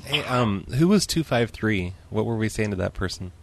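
A man's voice: on the low side, animated, normal speed, creaky, a little hiss or hum. A man making prank phone calls with dry, straight-faced banter. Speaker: prank caller. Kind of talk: casual prank call banter.

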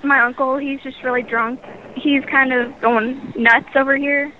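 A woman's voice: sits high, level tone, measured pace, narrow, tinny audio, slight background noise. A woman voicing a worried daughter who hesitantly pleads for her parents to come home. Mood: anxious. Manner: hesitant, filler-heavy pleading.

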